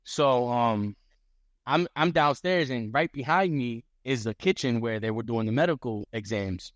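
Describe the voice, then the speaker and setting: A man on a podcast as a guest fighter, telling a story in casual chat, animated and profane, acting out what others said. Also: medium pitch, unhurried, no room sound, clean studio sound. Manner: animated, profane, acts out quotes.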